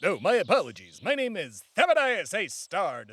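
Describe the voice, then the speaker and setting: Boastful comedy podcast guy, kinda high voice, crude and pompous. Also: wildly swooping pitch, normal speed, a bit bright, no room sound. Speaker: podcast host in a comic persona.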